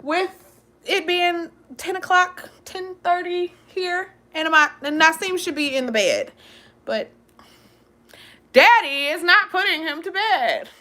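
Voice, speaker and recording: A young woman hosting a live vlog, talking loudly and expressively with frequent giggles. Her voice sits high and bright, and her pitch swoops widely. She chats with her viewers casually. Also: takes it slowly. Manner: expressive and loud; giggly, laughs often. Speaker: vlog host.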